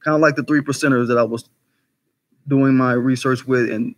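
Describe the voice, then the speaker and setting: A man hosting a casual livestream commentary, talking in an animated, conversational way, swearing freely, firing off rhetorical questions and greeting chat viewers by name. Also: medium pitch, moderate pace. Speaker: commentary channel host.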